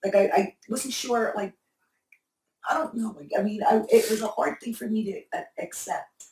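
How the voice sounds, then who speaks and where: A middle-aged woman speaking candidly in an interview, halting and repeating herself as she answers. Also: fairly high pitch, darkish tone. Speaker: interviewee, mother of the host. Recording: echoey room, mic far off.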